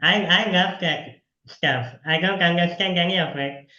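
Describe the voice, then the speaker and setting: A man's voice: sits high, moderate pace, bright, forceful tone, echoey room, lo-fi sound. A man interviewing a guest over a video call in a casual, chatty way, laughing often and encouraging the guest.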